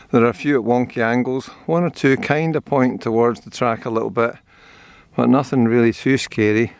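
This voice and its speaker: A Scottish man, older, talks in a rambling, cheerful way to the camera he carries while out running on a forest trail. His voice sits at an ordinary pitch and sounds close and dry, with no room echo around it. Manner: chatty, rambling, cheerful about scenery. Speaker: vlogger. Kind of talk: casual walking and running commentary.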